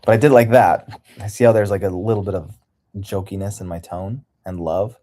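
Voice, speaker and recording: Man, livestream host; low, husky, dark voice; candid, rambling chat. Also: steady tone, normal speed. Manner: candid, rambling, laughs often.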